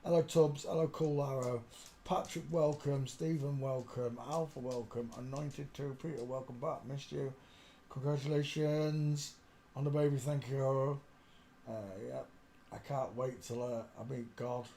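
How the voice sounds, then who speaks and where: A man's voice: mid-range voice, little pitch movement, unhurried, mellow. Older man, livestream host, chatty and rambling, mutters and hums while clicking, faint noise behind. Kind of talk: rambling live-stream chat.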